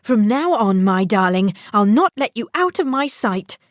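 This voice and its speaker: A fretful, doting storybook mother, as a woman puts her on. She speaks slowly with a lively, rising and falling voice. The sound is dry and close. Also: mid-range voice, no room sound. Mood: fussing. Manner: anxious and doting.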